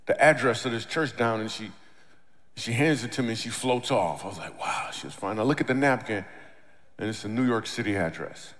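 A middle-aged man on stage doing stand-up storytelling, animated, acting out the lines of the people in his story. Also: medium pitch. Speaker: comedian and speaker. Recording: long reverb of a large hall.

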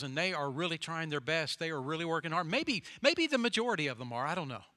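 Sharp-voiced male preacher. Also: fairly high pitch, dry recording, clean studio sound. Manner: storytelling, emphatic with repeated phrases. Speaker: pastor. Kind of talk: sermon.

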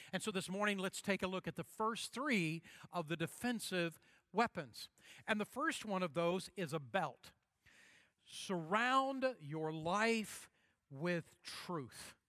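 A man pastor delivering a sermon, emphatic, repeating key phrases and slowing down to stress them. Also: high-pitched, fairly bright tone, dry recording, clean studio sound.

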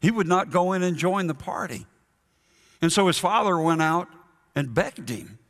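A man preaching a sermon in a church, slow and earnest, stressing his points through repetition. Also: sits high, animated, fairly bright tone, in a large hall. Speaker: pastor.

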